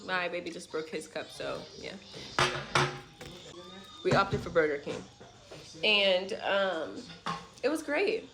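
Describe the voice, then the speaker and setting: A young woman telling a rambling, animated story about her family's trip in a casual vlog at home, with swearing and side remarks. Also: fairly low pitch, slow, pauses often, over loud music. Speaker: family vlogger. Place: at home in a rental apartment.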